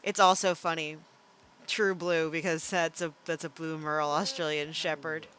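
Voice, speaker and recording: Chatty young woman with a lowish voice. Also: little pitch movement, normal speed, a bit bright, a little hiss or hum. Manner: chatty and playful, thinks aloud with fillers. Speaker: streamer. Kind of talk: casual live-stream game commentary.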